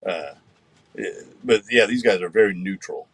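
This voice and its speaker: A man, co-hosting a podcast in animated, emphatic casual chat. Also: sits low, normal speed, slightly rough, no room sound. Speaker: podcast co-host.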